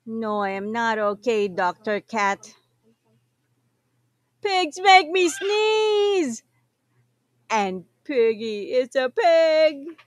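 A woman's voice: on the high side, big pitch swings, very slow, long pauses, dry recording, clean studio sound, exaggerated voice. A woman voicing an anxious male elephant who keeps sneezing, with dramatic, fretful outbursts. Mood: excited.

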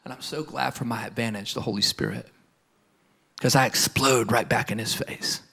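A man preaching a sermon with passion, slowing down to repeat key phrases for emphasis. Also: medium pitch, fairly even intonation, gravelly, bright, forceful tone, slightly rough. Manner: impassioned, with slow emphatic repetition.

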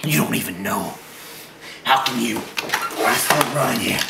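A man's voice: mid-range voice, unhurried, gravelly, heavy background noise. A man ranting angrily at the camera with crude, aggressive swearing, recorded with a roomy echo. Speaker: vlogger. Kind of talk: profane angry rant.

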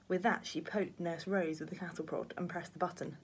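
Husky woman reading a story. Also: on the low side, moderate pace, hardly any pauses. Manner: lively, expressive storytelling. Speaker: primary school teacher. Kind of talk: reading a children's book aloud.

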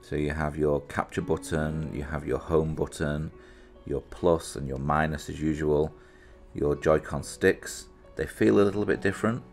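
Very deep-voiced British man demoing gadgets. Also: fairly even intonation, moderate pace, gravelly, a little mellow, faint music behind. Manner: chatty, self-deprecating, thinking aloud. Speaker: reviewer presenting an unboxing. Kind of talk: casual product demonstration.

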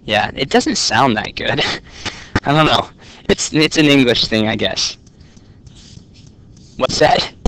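A male teacher gives a lecture to students in a classroom. His pitch sits in the middle range. He talks in a casual, joking way and keeps checking in with "okay?". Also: slow pace, creaky, long pauses, a bit bright.

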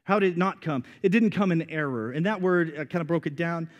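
Animated high-voiced man preaching. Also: fairly quick, dull audio. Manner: animated preaching, calls for amens, acts out voices. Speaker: pastor. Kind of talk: sermon.

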